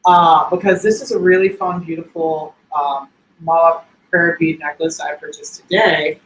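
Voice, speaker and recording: A man's voice: a little high, steady tone, moderate pace, fairly bright tone, slight background noise. A man co-hosting a casual show, telling stories in an effusive, chatty way. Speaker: co-host. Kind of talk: casual livestream chat. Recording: echoey room with faint ambience.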